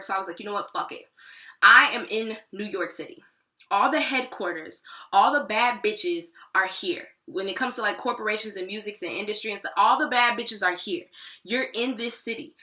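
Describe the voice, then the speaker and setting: A woman's voice: mid-range voice, sharp tone. A woman and aspiring songwriter talking through her feelings in a candid, profane, rambling video diary. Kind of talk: personal vlog diary. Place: New York City. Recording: echoey room.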